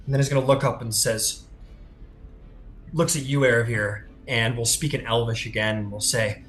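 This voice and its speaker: A man's voice: mid-range voice, steady tone, normal speed, fairly bright tone, echoey room, soft background music, rough recording. A man running a tabletop game as game master, narrating loosely with lots of fillers and the odd swear.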